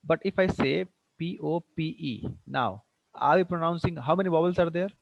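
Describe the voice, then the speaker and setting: A man teaching English with an Indian accent in an online lecture, explaining slowly and repeating words. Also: fairly high pitch, gravelly, no room sound. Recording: dull muffled online-class audio.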